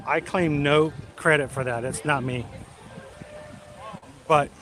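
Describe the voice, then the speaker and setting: Male livestream host, somewhat high voice, casual and welcoming, outdoor park noise behind. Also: fairly even intonation, takes it slowly. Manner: reads out viewers' names and hometowns, chatty and welcoming. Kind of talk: casual live stream chat.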